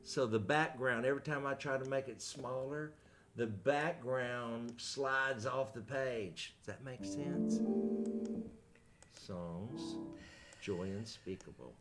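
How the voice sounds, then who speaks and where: A man's voice: medium pitch, slow pace, music in the background. A man hosting a casual livestream, chatty and joking at his own expense. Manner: chatty, joking, self-deprecating. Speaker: host.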